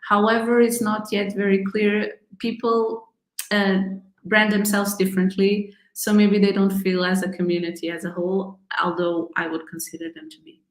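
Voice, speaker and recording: A woman's voice: medium pitch, flat delivery, normal speed, roomy sound, low-quality recording. A woman answering interview questions in a hesitant way, with many fillers and restarts. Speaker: speaker being interviewed.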